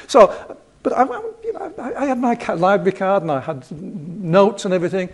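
A man's voice: high voice, very animated, normal speed, a little mellow, slightly rough. A man with a Yorkshire accent giving a casual lecture over slides, rambling and chatty with self-deprecating humor.

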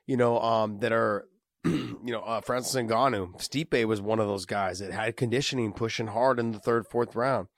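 A man with a cold and a raspy voice, breaking down fights in a casual, emphatic way, often restarting his sentences. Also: lowish voice, fairly even intonation, moderate pace, no echo, clean studio sound. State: has a cold, raspy voice and coughing. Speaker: co-host, fighter analyst.

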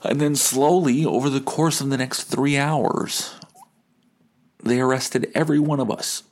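A man's voice: mid-range voice, measured pace. A man hosting a podcast, telling a profane, laughing story from his bed and acting out the people in it. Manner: profane, laughing, animated anecdote with voice impressions. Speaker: podcast host. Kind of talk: casual storytelling.

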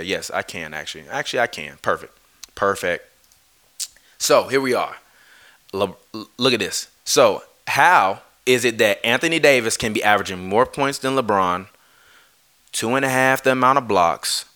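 A man's voice: on the low side, bright, forceful tone, clean tone. A man ranting on a live stream, heated and swearing, often breaking off to apologize. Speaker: streamer ranting about basketball.

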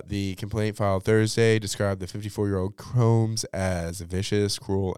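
A man's voice: low-pitched, darkish tone, smooth, no room sound, clean studio sound. A young man hosting a pop culture podcast, chatting casually with lots of fillers and cursing freely. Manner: chatty, slangy, swears freely, many fillers. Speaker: podcast host.

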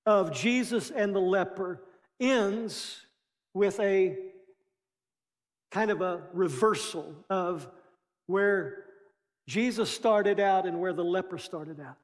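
Pastor guy preaching, high voice, lots of echo from a big room, gets playful. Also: lively intonation, extremely slow, long pauses. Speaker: lead pastor. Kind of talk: sermon.

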